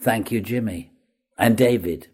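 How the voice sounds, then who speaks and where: Older man, husky storyteller. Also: fairly low pitch, measured pace. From Wales. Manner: chatty, self-deprecating, lively with hesitations. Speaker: veteran actor guest. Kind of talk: anecdotal storytelling.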